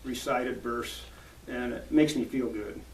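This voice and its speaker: A man's voice: medium pitch, steady tone, measured pace, vocal fry. A man talking as a cowboy poet guest in a casual interview, folksy and storytelling. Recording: echoey room, distant mic, faint noise.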